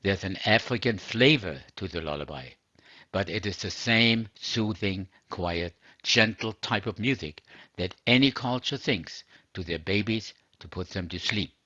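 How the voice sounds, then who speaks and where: A man delivering a scripted sermon in a measured, earnest preaching manner. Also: lowish voice, pushed and bright, no room sound, muffled recording. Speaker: religious teacher.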